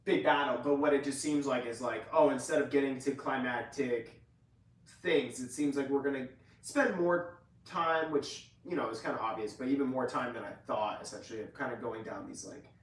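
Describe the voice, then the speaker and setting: Male co-host, loose filler-heavy rambler, mid pitch, heard from a bit off the mic in a roomy space. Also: moderate pace, distant mic. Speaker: podcast co-host. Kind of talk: casual review chat.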